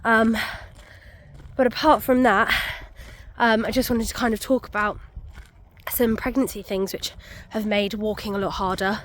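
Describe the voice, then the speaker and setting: A woman's voice: a little high, steady tone, unhurried, slight background noise. A young woman, out of breath, chatting casually to camera on a muddy country walk with many ums. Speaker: vlogger. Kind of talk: casual walking vlog.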